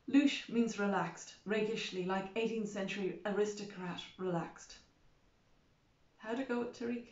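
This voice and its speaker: A woman's voice: medium pitch, steady tone, measured pace, darkish tone. A woman narrating an audiobook in the first person, with a wry, chatty manner. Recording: roomy, slightly dull recording.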